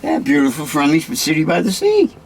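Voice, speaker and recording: A man's voice: fairly high pitch, brisk, creaky, slight background noise. A man with a Boston accent, a guest collector chatting casually and jokily. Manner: chatty, jokey, lively. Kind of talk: casual chat.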